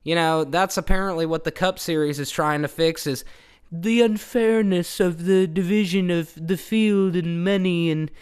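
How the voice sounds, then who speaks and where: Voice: medium pitch, fairly even intonation, moderate pace, a little mellow, clean tone. A channel host delivering a profane, heated rant, swearing often, repeating points for emphasis and talking straight to the viewers. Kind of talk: profane old-school rant to camera.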